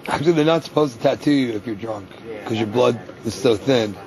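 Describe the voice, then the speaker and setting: A man's voice: medium pitch, brisk, darkish tone, poor audio. A man in casual chat who makes offhand, wry remarks. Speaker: reality show contestant.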